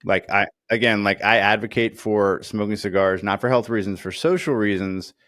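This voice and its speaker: A man's voice: on the low side, normal speed, dry recording, clean studio sound. A man co-hosting a casual chat, telling stories with lots of fillers and acting out quoted voices. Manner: animated storyteller, acts out quoted voices. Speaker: podcast co-host.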